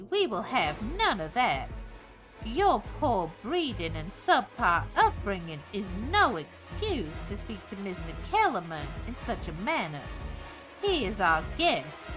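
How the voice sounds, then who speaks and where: Casting: a woman as a prim, menacing gentleman emissary, slow, lively pitch. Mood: stern. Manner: pompous, precise and ominous. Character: formal, lawful man serving a dark king.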